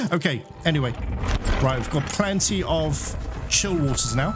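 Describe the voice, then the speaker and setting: A man giving excited gameplay commentary to viewers, exclaiming and out of breath. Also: on the high side, moderate pace. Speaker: let's play gamer. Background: game music.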